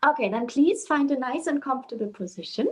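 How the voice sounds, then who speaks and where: Gentle high-voiced woman teaching meditation. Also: lively intonation, brisk, husky. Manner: gentle, conversational, many fillers and restarts. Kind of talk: live meditation class talk.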